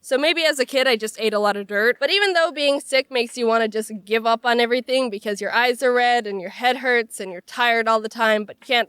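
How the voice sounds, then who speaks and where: Young woman vlogger, congested and nasal from a cold, wry comic delivery, fairly high voice, dry close mic. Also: a bit bright, clean tone, no room sound. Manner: sarcastic, self-mocking, quick jokes. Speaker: animation vlogger. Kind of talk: casual comedic vlog narration.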